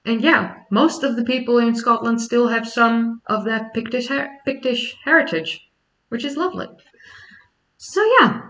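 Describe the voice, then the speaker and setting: A woman's voice: a little high, measured pace, fairly bright tone, recorded from a distance, rough recording. A young adult woman from the Netherlands with a Dutch accent, chatting casually on a livestream and explaining history questions at length. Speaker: history YouTuber.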